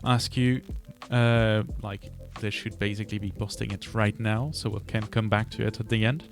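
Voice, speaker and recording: A man hosting a podcast interview, speaking casually and hesitantly with many pauses and restarts. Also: fairly low pitch, flat delivery, over music. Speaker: podcast host.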